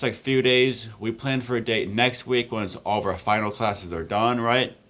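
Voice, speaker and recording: A young man in his twenties tells a story casually at a medium pitch. He rambles, leans on fillers, and laughs between lines. His tone stays loose and conversational throughout. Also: fairly bright tone.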